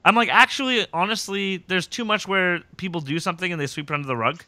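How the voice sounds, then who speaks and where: A man hosting a podcast, recapping episodes in casual chat and acting out scenes in quick impressions. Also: high voice, bright, forceful tone, no echo.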